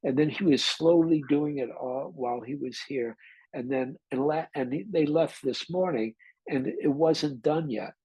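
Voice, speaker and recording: Guy meditation teacher rambling thru a personal story, husky, dry close sound. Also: fairly high pitch, a little slow, warm tone, no echo, rough recording. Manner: rambling, candid storytelling with restarts and mild swearing. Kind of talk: informal dharma talk.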